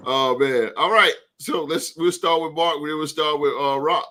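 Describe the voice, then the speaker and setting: Hyped sports podcast host, slightly high voice. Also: male voice, a little slow, pushed and bright. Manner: hyped, keeps tagging lines with "man" and "son". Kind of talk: casual sports talk.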